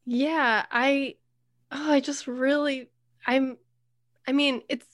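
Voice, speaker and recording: Co-host: woman, voice a bit high, slow and halting, dry close sound. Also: fairly even intonation, dry recording. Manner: halting, searching for words. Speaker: podcast co-host. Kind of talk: casual chat.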